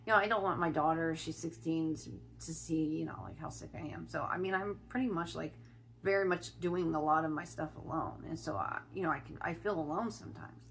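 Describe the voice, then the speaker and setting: A middle-aged woman from Ohio telling a personal story in a chatty vlog, often restarting her sentences and filling pauses. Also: low voice, slight background noise. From Ohio, USA. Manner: chatty, with many restarts and fillers. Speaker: spiritual vlogger.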